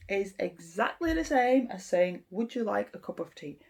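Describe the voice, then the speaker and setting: A woman giving an informal language lesson, explaining step by step in an unhurried way with frequent ums. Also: medium pitch, very animated, darkish tone. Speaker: English teacher.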